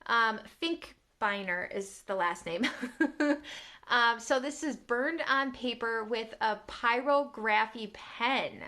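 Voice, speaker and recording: Excitable woman streaming live from home, high bright voice, gasps and giggles a lot, casual chat to viewers. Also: slow. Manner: bubbly, excitable, gasping and giggling often. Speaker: artist hosting a live stream. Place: at home, on a couch. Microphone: camera on a tripod.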